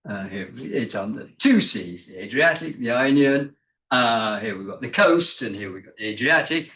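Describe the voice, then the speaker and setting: Male guest lecturer, mid-pitched voice, relaxed explanatory seminar delivery with ums and uhs, reverberant room. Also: moderate pace. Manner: conversational, explanatory, with frequent hesitations. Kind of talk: academic seminar talk. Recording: echoey room.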